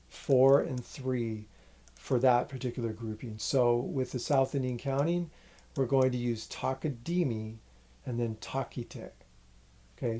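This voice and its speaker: A man teaching a music lesson, patiently explaining a rhythm and counting its syllables out loud. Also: medium pitch.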